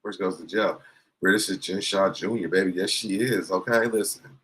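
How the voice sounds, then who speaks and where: Lower-voiced man giving gossipy commentary. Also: normal speed, fairly bright tone, a little hiss or hum, rough recording. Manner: gossipy, sarcastic, chats to viewers. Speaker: livestream host. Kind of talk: casual commentary reacting to clips.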